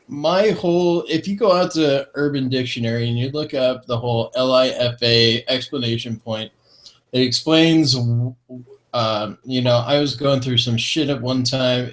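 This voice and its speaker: A man's voice: mid-range voice, a bit bright. A man co-hosting a casual online talk show, reading a feel-good list aloud with chuckles and corny jokes. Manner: upbeat, chuckling between items, fond of corny jokes. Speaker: co-host of a vaping talk show.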